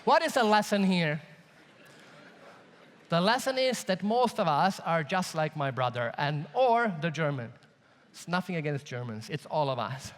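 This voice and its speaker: Speaking at a measured pace in a voice on the high side, a man gives a conference keynote, animatedly telling a story with jokes and addressing the audience directly. The sound carries the reverb of a large hall.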